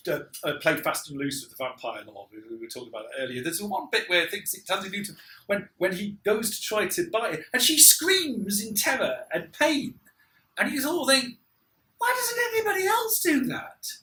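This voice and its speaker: A man co-hosting a casual film review chat, rambling with lots of restarts and quick laughs. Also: high voice, very animated, bright, forceful tone, reverberant. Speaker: podcast co-host.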